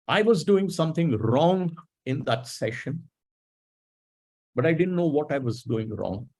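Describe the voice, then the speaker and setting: A man's voice: a little high, darkish tone, slightly rough, poor audio. A middle-aged man speaking in a webinar talk, telling a coaching story in a reflective way and acting out the lines of the people in it. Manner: reflective, acts out quoted dialogue.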